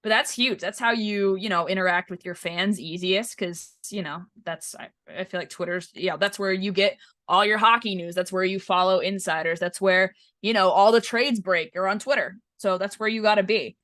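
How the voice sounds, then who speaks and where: A woman's voice: medium pitch, moderate pace, fairly bright tone, no room sound, clean studio sound. A young woman from Southern California hosting the show, chatting casually with many fillers and restarts. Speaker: host. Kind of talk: casual chat.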